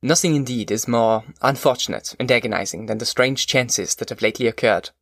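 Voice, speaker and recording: A man voicing a kindly but stern middle-aged magistrate in an audiobook, formal and measured. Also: medium pitch, vocal fry, a bit bright, dry recording, clean studio sound. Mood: consoling. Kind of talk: audiobook character voice.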